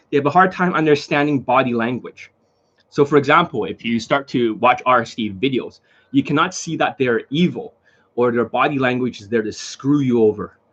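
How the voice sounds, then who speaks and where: A man's voice: medium pitch, a bit bright, husky, lo-fi sound. A man talking casually to camera as a dating coach, blunt and repetitive, lecturing in a home video. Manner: blunt, repetitive, lecturing, swears under his breath.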